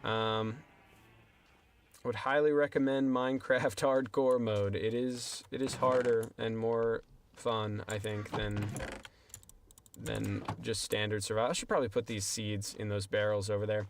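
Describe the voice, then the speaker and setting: Gravelly young man rambling to chat. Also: fairly low pitch, fairly even intonation, a little slow, slight background noise. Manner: rambling, self-deprecating, talking to chat. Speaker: livestreamer. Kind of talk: casual gameplay stream chat.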